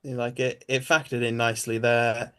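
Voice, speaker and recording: Homem apresentador de quiz, brincalhão. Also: male voice, mid-range voice, level tone, normal speed, pushed and bright, smooth. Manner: chatty, teasing. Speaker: quiz show host. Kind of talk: casual online quiz hosting. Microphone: video call.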